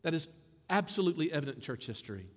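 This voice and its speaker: Animated high-voiced preacher in a reverberant hall. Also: male voice, racing. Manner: animated preaching, with wry asides. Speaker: pastor. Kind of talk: sermon. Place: church sanctuary.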